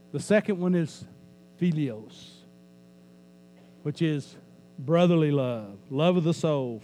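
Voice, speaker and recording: A man preaching from the pulpit in a relaxed, conversational way, joking with his listeners and repeating lines to drive them home. His voice sits a little high for a man, with a mellow, dark tone. A faint mains hum runs underneath. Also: poor audio. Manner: conversational preaching with jokes, repeats phrases for emphasis. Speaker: pastor. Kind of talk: sermon. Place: church sanctuary.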